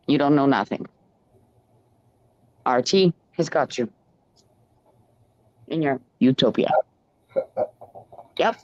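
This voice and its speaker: A man ranting in a rambling, profane stream of consciousness, sometimes slipping into sing-song chanting. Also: fairly high pitch. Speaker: ranting monologuist. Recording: dull lo-fi dry recording.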